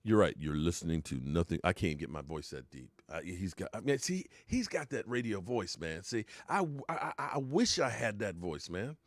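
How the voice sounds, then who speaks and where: This football stream host has a low voice with big pitch swings, speaking at a moderate pace with few pauses. He rambles, responds to viewers' comments, and drifts into playful mock heartbreak. The sound is dry and studio quality.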